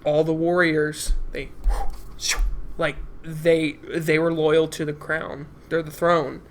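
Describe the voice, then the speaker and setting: Higher-voiced man eagerly recapping a movie. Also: flat delivery. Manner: eager, halting with many restarts. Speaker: podcast co-host. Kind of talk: casual movie review chat.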